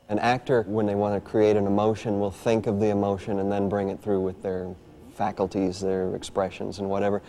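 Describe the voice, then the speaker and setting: A man's voice: on the low side, monotone, a little fast, dark tone. A man, a ventriloquist, talking thoughtfully in a documentary interview with many restarts.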